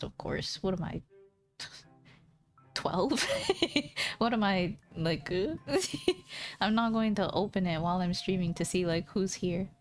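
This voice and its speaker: A woman with a mid-range, slightly mellow voice chats casually with her stream viewers. She's playful and teasing, giggles often, and talks straight to the people watching.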